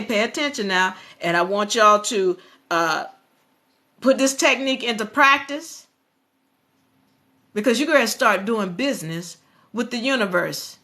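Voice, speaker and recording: On a motivational live stream, a woman speaks straight to her viewers in an animated, preachy way. Her voice sits mid-range, and she keeps a measured pace with long pauses.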